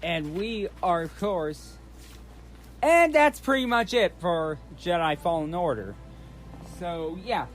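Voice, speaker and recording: A man's voice: high voice, animated, takes it slowly, long pauses, faint music behind. A man hosting his channel, recapping in a casual, rambling way, often restarting and repeating himself. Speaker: channel host recapping a trailer.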